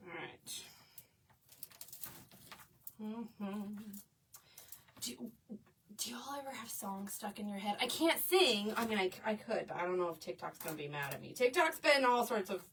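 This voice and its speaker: A woman's voice: medium pitch, expressive, a little slow, long pauses, a bit bright, recorded from a distance, a little hiss or hum. A woman teaching a craft live, bubbly and chatty as she talks with her viewers. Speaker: craft instructor. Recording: voice a bit away from the mic.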